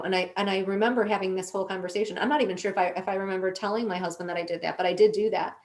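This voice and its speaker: A woman on a podcast as a guest, telling her own story in an earnest, slow, deliberate way. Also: mid-range voice, fairly even intonation. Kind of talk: emotional personal storytelling.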